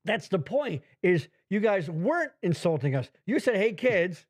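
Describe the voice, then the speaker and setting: A middle-aged man hosting a podcast, talking in loud, profane, teasing banter. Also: very animated, normal speed. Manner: loud, swearing, teasing, jumps into high mock voices. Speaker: podcast host.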